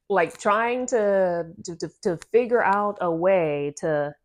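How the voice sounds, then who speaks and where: A woman's voice: medium pitch, slow pace. A woman reading oracle cards for her viewers, rambling and repeating herself in casual, slangy talk. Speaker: oracle card reader. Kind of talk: casual channeled card reading.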